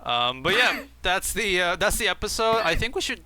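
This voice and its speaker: A man co-hosting a casual gaming podcast, reacting quickly in an animated way. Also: high-pitched, dry recording. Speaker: podcast co-host. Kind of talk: casual chat.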